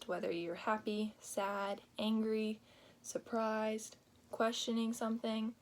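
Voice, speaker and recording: A young woman giving an informal class presentation, explaining plainly with pauses and the filler "like". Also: medium pitch, little pitch movement. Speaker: student presenting a project.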